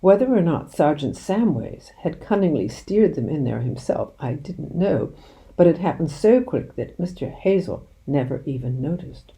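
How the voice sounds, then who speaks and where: A woman reading a children's book aloud in an expressive storytelling manner. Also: sits low, moderate pace, gravelly. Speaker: reader.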